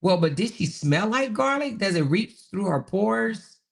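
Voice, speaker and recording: A woman's voice: mid-range voice, animated, unhurried, vocal fry. A woman hosting a casual livestream, reading viewer comments aloud in a chatty way, repeating herself and laughing often. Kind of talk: casual live chat.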